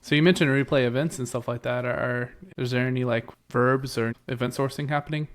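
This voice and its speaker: A man's voice: mid-range voice, steady tone, a little fast. A man co-hosting a casual tech podcast, asking curious questions with hesitant fillers. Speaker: podcast co-host.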